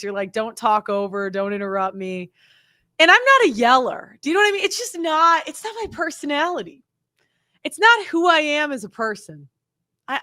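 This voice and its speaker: A young woman hosts her own show, her high voice pushed and bright, with no room sound. She delivers an indignant, defensive, opinionated monologue to camera, packed with "like" and "you know," and mimics the people she quotes.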